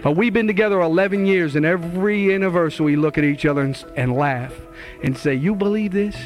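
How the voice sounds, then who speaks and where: A man in his forties giving an earnest, animated testimony. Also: fairly high pitch, fast, faint music behind. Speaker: guest speaker sharing testimony. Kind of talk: testimony talk.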